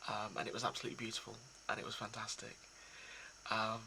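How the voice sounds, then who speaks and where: Soft-spoken hesitant man, bright tone. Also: lowish voice, monotone, fast talker, gravelly, slight background noise, rough recording. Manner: hesitant, soft, many ums and restarts. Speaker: poetry reader. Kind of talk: casual reflective talk to viewers.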